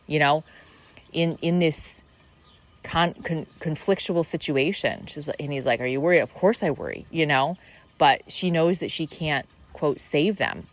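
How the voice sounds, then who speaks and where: A middle-aged woman hosting a podcast, musing in a meandering spiritual monologue full of fillers and restarts. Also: sits low. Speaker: podcast host.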